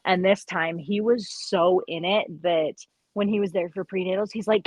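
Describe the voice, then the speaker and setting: A woman who works as a midwife, chatting on a podcast and telling stories in an animated way, acting out what people said. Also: mid-range voice, normal speed, dry recording, rough recording. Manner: animated storyteller, quotes people in lively voices. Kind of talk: casual chat.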